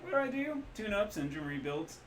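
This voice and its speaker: A man voicing a cheerful, hungover, scarred middle-aged man who runs a cybernetic back-alley clinic, speaking loud and boastful with a loose Midwestern accent. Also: high-pitched, sing-song, a little fast, voice pushed up. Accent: loose Midwestern American. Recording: roomy echo, faint room ambience.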